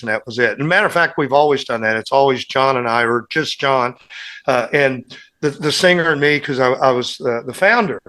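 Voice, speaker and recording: A man's voice: medium pitch, sharp tone. A man on a casual podcast, telling long, rambling band anecdotes as a guest musician and acting out what others said.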